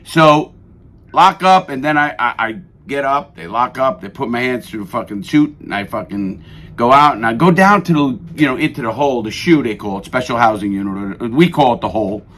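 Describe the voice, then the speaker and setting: Profane, animated middle-aged man. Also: medium pitch, a little fast. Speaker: guest. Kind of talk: radio interview storytelling.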